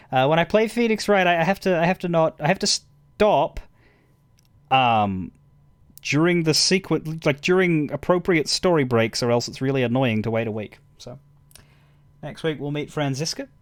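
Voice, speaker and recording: A man streams a game and chats casually to his chat in a rambling way, stammering and chuckling as he goes. His voice is a little high with a clean tone.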